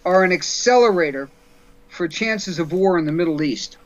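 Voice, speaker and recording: Radio guest commentator: man with a high voice, blunt and sarcastic, folksy, on dull lo-fi audio. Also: lively intonation, normal speed. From New York.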